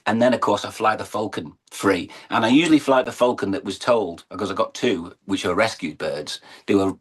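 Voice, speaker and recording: English guy talking about his shows, kinda husky and low, gets earnest and emotional. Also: fairly quick. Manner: earnest, emotional, building to uplifting emphasis. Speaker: interview guest, horse and falcon showman. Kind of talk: conversational interview storytelling.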